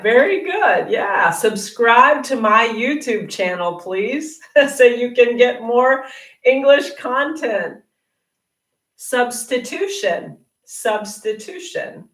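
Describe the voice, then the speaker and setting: A woman teaching English in a live question session, chatty and encouraging, repeating words slowly so learners can copy them. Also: a little high, a bit bright, far from the mic. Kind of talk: live Q&A lesson. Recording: roomy and off-mic.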